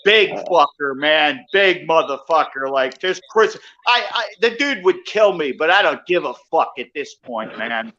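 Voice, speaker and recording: Man, high voice, bright and forceful, cursing, worked-up storytelling, casual call. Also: lively intonation, unhurried, few pauses, muffled recording. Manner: profane, worked up, tells it with loud shouted quotes. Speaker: call-in guest. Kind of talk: casual chat, heated storytelling.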